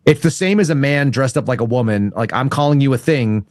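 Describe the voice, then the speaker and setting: A man's voice: mid-range voice, fairly quick, darkish tone, dry recording, clean studio sound. A man in casual podcast chat, blunt and crude, joking around, with a cough. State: has a cough.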